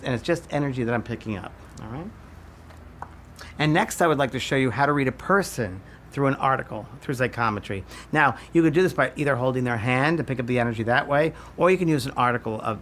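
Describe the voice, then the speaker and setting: A man of middle pitch teaching a psychic class, talking through a live demonstration. He moves in short, halting phrases and keeps circling back to what he feels. Faint noise sits under his voice. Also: fairly bright tone. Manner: halting, repeats "I feel" while reading impressions.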